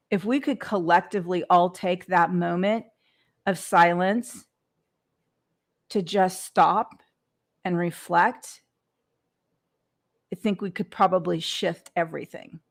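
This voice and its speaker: A woman's voice: on the low side, fairly even intonation, slow pace, creaky, long pauses. A woman hosting a motivational podcast, talking earnestly in an unscripted monologue, often repeating words and restarting. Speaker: podcast host and coach.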